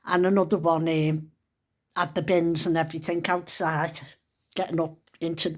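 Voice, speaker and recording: Older woman vlogging, rambling chatty storyteller, swears freely. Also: low voice. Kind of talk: casual storytelling monologue.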